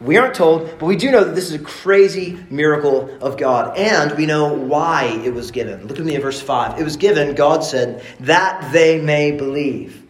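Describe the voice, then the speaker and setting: A man from East Texas preaching a sermon in a casual, animated, joking way. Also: on the high side, normal speed, few pauses, reverberant. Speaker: pastor.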